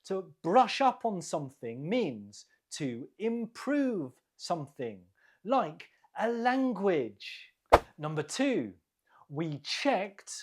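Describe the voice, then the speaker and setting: An English teacher hosting a quiz for learners, reading slowly and deliberately, repeating each word and explaining where the stress falls. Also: medium pitch, noisy background.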